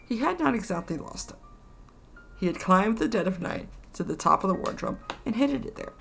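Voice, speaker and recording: Gravelly-voiced woman reading a story. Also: medium pitch, sing-song, fairly quick, a bit bright, soft background music. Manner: chatty, indignant asides between passages. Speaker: streamer reading aloud.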